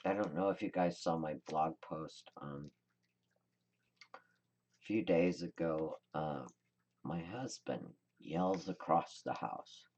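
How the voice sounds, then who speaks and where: Slow, deep-voiced woman demonstrating crafts. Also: darkish tone, breathy edge. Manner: chatty, rambling, thinks aloud while working. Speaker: card-making tutorial host.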